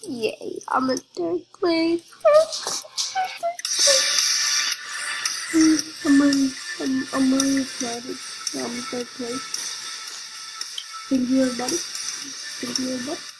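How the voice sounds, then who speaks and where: A woman giving casual gameplay commentary as a channel host, excitable and repeating the same phrases over and over. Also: high voice, moderate pace, pauses often, low-quality recording. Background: game music.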